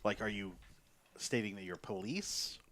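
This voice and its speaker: Give me a man running a tabletop game with a low voice and loose, halting narration. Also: a bit bright. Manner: loose, halting, with many fillers and restarts. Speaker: game master.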